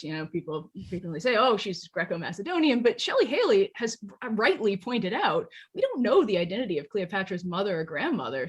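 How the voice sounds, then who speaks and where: A woman's voice: mid-range voice, breathy edge. A woman archaeologist and classics professor, a podcast guest, giving articulate, lecture-like explanations with wry asides. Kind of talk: podcast interview.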